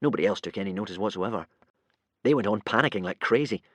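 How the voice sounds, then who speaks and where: A man reading a children's audiobook aloud with lively, expressive narration. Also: lowish voice, fast, dry recording. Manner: lively, voices many characters.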